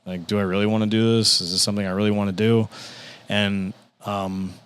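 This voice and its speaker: A man's voice: lowish voice, a little fast, clean tone. A man, a stand-up comedian telling stories as a podcast guest and acting out the people he quotes. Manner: animated, acts out quotes with profanity. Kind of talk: casual storytelling.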